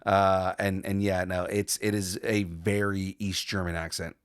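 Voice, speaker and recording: Man, podcast co-host, deep low voice, dry close sound, rambling casual chat. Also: little pitch movement, a little slow, clear, resonant tone, no room sound. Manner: rambling, with many restarts and "you know"s.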